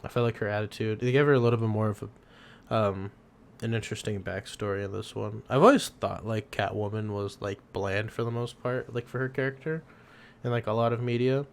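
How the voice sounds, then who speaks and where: A man's voice: lowish voice, fairly even intonation, a little fast, creaky, clear, resonant tone. A young man co-hosting a podcast, chatting casually, rambling with frequent laughs and the odd swear. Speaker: podcast co-host. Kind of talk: casual chat.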